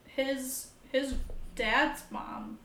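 A young American woman chatting as a podcast guest, animated and swearing freely as she acts out her own reactions. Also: sits high, extremely slow, a little hiss or hum. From United States. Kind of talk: casual chat. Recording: roomy echo.

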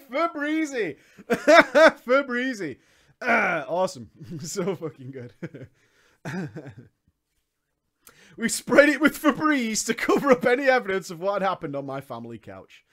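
A man's voice: high-pitched, sing-song, measured pace, pauses often, fairly bright tone. A man reading a story aloud and breaking into mocking asides, laughing often as he comments.

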